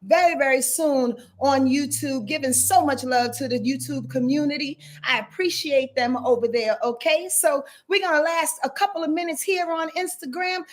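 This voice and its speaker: High-voiced New woman astrologer. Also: normal speed, few pauses. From Yonkers, New York. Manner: lively, slangy, greets viewers by name; repeats catchphrases, laughs often. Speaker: astrologer and channel host. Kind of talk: casual live-stream chat.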